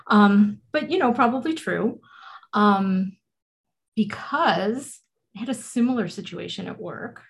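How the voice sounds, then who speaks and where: A woman with a gravelly edge to her voice chats on a podcast. She mostly backs her co-host with short agreements, then tells her own story in a relaxed, conversational way. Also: medium pitch, measured pace. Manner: encouraging listener, frequent "mm-hmm" and "right". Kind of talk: casual chat.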